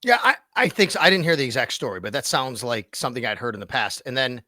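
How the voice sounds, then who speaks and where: Male co-host, brisk and upbeat, bright tone, dry close mic. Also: medium pitch, animated, no room sound. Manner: enthusiastic, affirming. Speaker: podcast co-host. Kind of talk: casual podcast chat.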